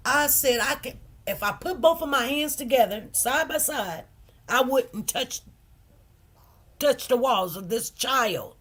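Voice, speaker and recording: A woman talks slowly to her viewers, lingering on her words and repeating lines for emphasis. She speaks in in a casual storytelling style. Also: high-pitched, animated, a bit bright, husky. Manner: emphatic, repeats phrases, addresses viewers as "you guys". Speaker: commentary channel host.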